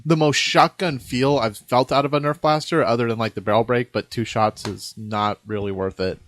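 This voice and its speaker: A man's voice: medium pitch, steady tone, moderate pace, fairly bright tone. A man co-hosting a hobby podcast, easygoing and talking through his opinions in casual chat. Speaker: podcast co-host.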